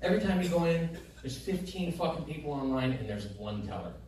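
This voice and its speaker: A man's voice: on the high side, big pitch swings, a little fast, a little mellow, heavy reverb, recorded from a distance, a little hiss or hum. A man doing stand-up, telling a profane, exasperated story from a comedy club stage. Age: adult parent. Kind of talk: stand-up set.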